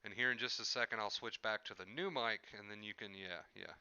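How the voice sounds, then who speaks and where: A man's voice: fairly low pitch, a little fast, sharp tone, clear, resonant tone, dry recording, muffled recording. A man streaming live from home, chatting casually with his viewers into a headset mic and often repeating himself. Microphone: headset microphone.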